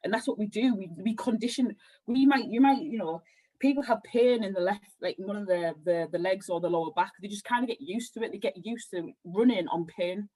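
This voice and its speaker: A woman talking as a spiritual healer guest on a podcast, rambling and animated as she tells her story. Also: mid-range voice, brisk, breathy edge, rough recording. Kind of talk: casual podcast conversation.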